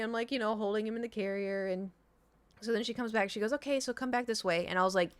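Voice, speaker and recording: A woman's voice: medium pitch, brisk, no echo. A young woman streamer telling a long personal story in casual chat, rambling with many fillers and restarts.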